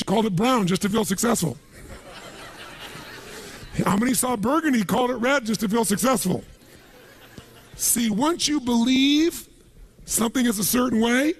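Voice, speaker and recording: Gravelly raspy guy fired up at a seminar, high voice, keeps quizzing the crowd. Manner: emphatic, calls out questions for the crowd to answer. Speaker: motivational speaker. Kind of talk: motivational seminar talk to a live audience.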